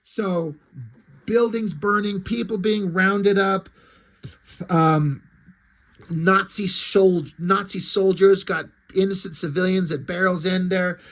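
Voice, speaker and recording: A man's voice: high voice, fairly even intonation, slow, fairly bright tone. A man casually walking through a comic book, chatty and swearing freely.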